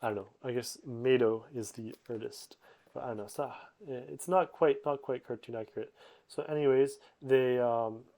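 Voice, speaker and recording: A man's voice: medium pitch, fairly even intonation, normal speed, mellow. A young man giving a rambling, sleep-aid summary full of fillers and self-corrections. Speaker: host.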